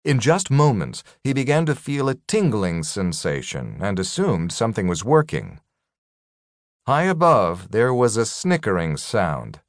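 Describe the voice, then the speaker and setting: Slow, lively-voiced male narrator. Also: on the low side, no room sound, studio quality. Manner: measured, expressive reading. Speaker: audiobook narrator. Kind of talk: scripted narration.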